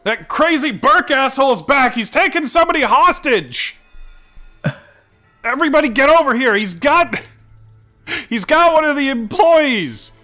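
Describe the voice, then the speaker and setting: A panicked town guard voiced by a man shrieks for help, voice pushed high and loud. The tone is bright and forceful, with a faint bed of music behind. This is tabletop role-play, not a studio drama. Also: animated, a little slow, long pauses, full character voice. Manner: frantic yelling, high and loud.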